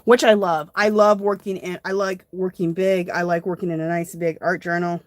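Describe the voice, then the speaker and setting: A woman's voice: on the low side, level tone, moderate pace, dry recording. A woman hosting a casual live art journaling tutorial, chatting to viewers as she works. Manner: chatty, addresses viewers as "you guys".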